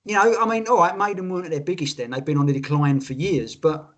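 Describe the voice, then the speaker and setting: A man co-hosting a casual podcast chat, animated and sweary, telling stories with quoted voices. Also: fairly high pitch, fast. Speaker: podcast co-host.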